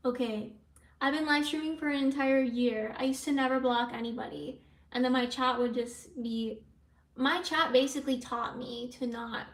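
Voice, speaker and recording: A woman's voice: a little high, moderate pace, distant mic. A woman live streaming at home, chatting casually and answering viewers' comments aloud in a rambling way. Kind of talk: casual livestream chat with viewers. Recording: roomy sound from away from the mic.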